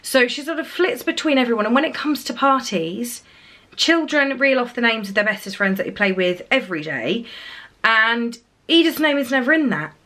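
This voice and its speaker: A woman speaks in a gentle, soft-spoken way, her voice sitting a little high. She is a mum in her thirties vlogging casually to camera, often dropping low and quiet as she talks. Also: lively intonation, normal speed. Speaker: parent vlogger. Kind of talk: emotional casual vlog.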